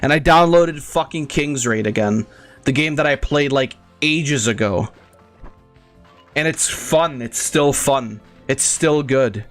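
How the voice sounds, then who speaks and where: Young guy rambling over a game, swears a lot, crude jokes, normal pitched voice, faint music in the back. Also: takes it slowly. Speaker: gaming channel host. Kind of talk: casual gameplay commentary.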